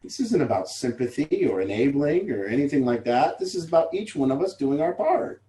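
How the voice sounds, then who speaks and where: In a brisk, very animated delivery, a man with a warm mid-range voice leads a recovery group. He speaks informally, candidly, and at length, swearing casually, with a roomy echo in the recording.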